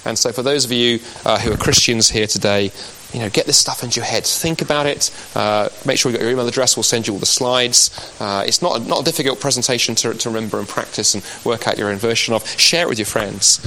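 English male speaker, mid pitch, chatty persuasive apologetics talk to a live crowd. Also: fast talker, bright, forceful tone, slight background noise, poor audio. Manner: conversational, persuasive, frequent "you know" asides.

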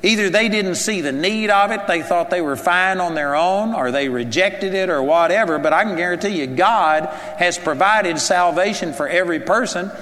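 A man's voice: high voice, normal speed, few pauses, a bit bright. A man preaching a sermon in an earnest, conversational way, asking his listeners rhetorical questions. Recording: long hall reverb.

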